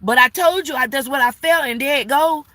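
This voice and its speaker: A woman's voice: high voice, a little fast, pushed and bright, no room sound. Sassy, blunt woman tarot reader. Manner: sassy, blunt and profane, scolding like an auntie. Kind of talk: live-stream tarot reading.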